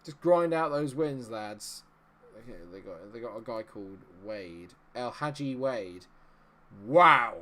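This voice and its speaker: A young man giving casual, rambling commentary while he plays a football management game, with excitable bursts. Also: mid-range voice, a little slow, a little hiss or hum. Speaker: gaming video host.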